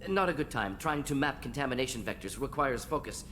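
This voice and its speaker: A man's voice: mid-range voice, expressive, brisk, a bit bright, a little hiss or hum, natural voice. An actor playing a brusque male alien scientist in a video game, with clipped, terse lines. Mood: busy, curt.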